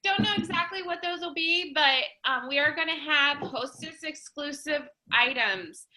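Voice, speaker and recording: A woman talks in a high, bright voice, giving a casual livestream update to her sales team. She gushes with enthusiasm and keeps stopping for ums and quick restarts. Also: slight background noise, low-quality recording. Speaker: direct sales team leader.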